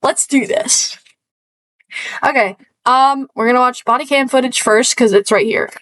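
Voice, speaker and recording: A woman's voice: high-pitched, a little slow, a bit bright, poor audio. A woman from the northern United States, streaming casual reaction commentary, rambling and self-deprecating with lots of fillers and trailing asides.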